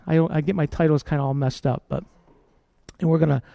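A man's voice: a little high, steady tone, quick pace, gravelly, dark tone, no echo. A man preaching a sermon as pastor, passionate and repetitive, calling out to the congregation.

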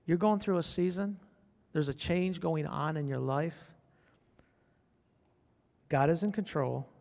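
A man's voice: fairly high pitch, measured pace, vocal fry, a little mellow. A male pastor preaches with fervor, driving his points home through repetition and direct call-outs to the church. His voice sits a little above the usual male range. A long reverb from the church hall trails behind every phrase. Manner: fervent preaching, repeats phrases, calls out to the congregation. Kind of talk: sermon.

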